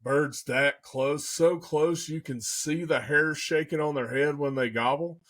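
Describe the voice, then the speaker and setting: A young man, excitedly telling a hunting story in casual podcast chat, full of folksy slang. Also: on the high side, a little slow.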